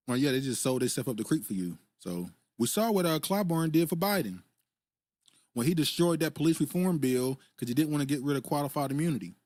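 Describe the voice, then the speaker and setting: A man's voice: a little high, expressive, a little fast, a little mellow, no echo, studio quality. A man hosting a casual political commentary stream, laughing often as he reads viewer comments aloud. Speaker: host reading live chat.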